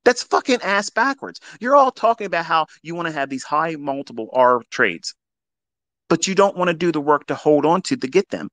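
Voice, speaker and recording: A man teaching trading in a live audio talk, blunt and heavily profane, swinging between loud emphatic bursts and quieter asides. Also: a little high, animated, moderate pace, dry recording. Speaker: trading educator.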